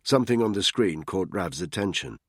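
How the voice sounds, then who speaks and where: Deep husky male audiobook narrator. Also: animated, brisk, no echo, clean studio sound.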